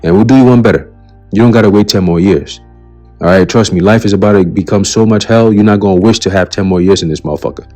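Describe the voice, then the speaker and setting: Low-voiced man ranting on his own channel. Blunt, profane, preachy, faint music underneath. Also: fast talker, dark tone. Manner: blunt, profane and heated, repeats "okay?" as a tag; preacherly, warns of coming doom. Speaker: commentary channel host. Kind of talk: ranting commentary on a list of news items.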